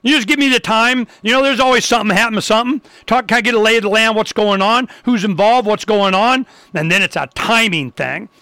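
A man hosting a talk show, delivering a rambling, fired-up rant with sudden loud, emphatic bursts. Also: high voice, a little fast, few pauses, smooth, no echo. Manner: loose and rambling, with restarts. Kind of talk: ranting talk show monologue.

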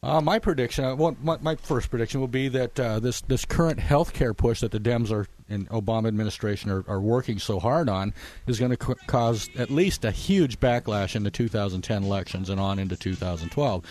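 A man's voice: mid-range voice, fairly quick, darkish tone. A man co-hosting a talk radio show, speaking hesitantly with fillers. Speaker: radio co-host.

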